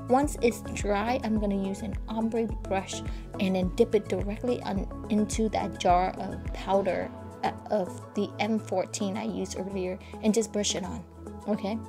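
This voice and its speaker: A woman giving a chatty nail-art tutorial voice-over, talking casually to viewers and keeping her voice hushed at times. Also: mid-range voice, fairly even intonation, a little slow, over music. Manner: soft, hushed and breathy at times, keeping quiet for a sleeping child; chatty and informal, addressing viewers as "guys". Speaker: nail educator.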